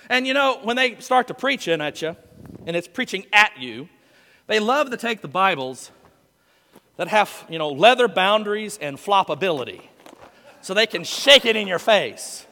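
A male pastor, preaching a sermon in a folksy, animated storytelling manner. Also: high voice, normal speed, creaky. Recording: long hall reverb.

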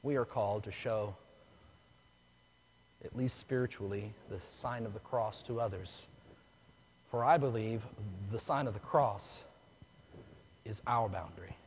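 A man preaching a sermon, telling a story that swings from hushed, slow lines to loud, excited ones. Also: on the low side, a little hiss or hum. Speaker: pastor. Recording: long hall reverb.

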